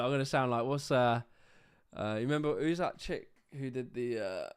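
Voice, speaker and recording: A young man hosting a livestream, his voice sitting at an ordinary middle pitch. He rants in a loose, sarcastic, exasperated way and swears freely. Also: brisk, clear, resonant tone. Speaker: livestream host reacting to clips. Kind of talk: casual ranting commentary.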